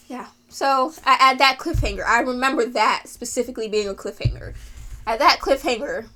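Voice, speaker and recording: A woman's voice: a little high, normal speed, sharp tone. A woman giving a rambling, gushing anime rant, with frequent sighs, laughs and fillers. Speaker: anime video creator.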